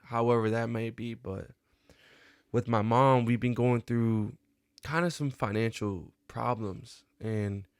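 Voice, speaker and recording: Halting, earnest young man with gravelly voice. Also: medium pitch, steady tone, dry recording, clean studio sound. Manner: halting, earnest, many restarts and fillers. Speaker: vlogger. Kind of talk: personal reflection vlog.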